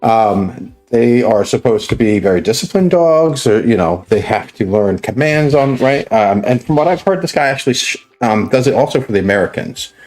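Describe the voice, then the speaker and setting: A man's voice: mid-range voice, lively intonation, normal speed, hardly any pauses, a little mellow, soft background music. A man hosting a livestream, telling a story in casual, profane, rambling talk with many restarts. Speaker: livestream host.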